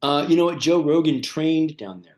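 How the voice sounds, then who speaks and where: A man's voice: on the high side, animated, moderate pace. A man co-hosting a comedy podcast, rambling through invented stories with many fillers and restarts. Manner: rambling, lots of fillers, builds absurd details. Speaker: comedian co-host. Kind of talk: improvised comedy chat.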